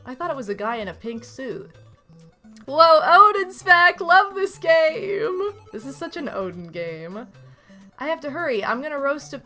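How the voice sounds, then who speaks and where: A woman's voice: high-pitched, sing-song, a little slow, bright, forceful tone, faint music behind. A woman in her thirties streaming a retro game, chatting casually, gushing and reading game text aloud. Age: 30s. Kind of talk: casual gameplay commentary.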